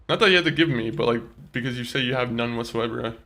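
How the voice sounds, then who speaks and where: A man's voice: medium pitch, fast talker, bright, forceful tone. A young man streaming a video game, chatting with viewers, swearing and laughing as he plays. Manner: chatty, talks to chat, swears and laughs easily. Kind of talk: casual live-stream gameplay commentary.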